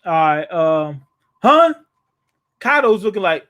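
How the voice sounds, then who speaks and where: High-voiced man reacting casually to a comic. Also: measured pace, fairly bright tone. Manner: casual, slangy, paraphrases scenes in his own words; frequent restarts and chuckles. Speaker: manga reaction host. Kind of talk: live reaction, reading aloud and commenting.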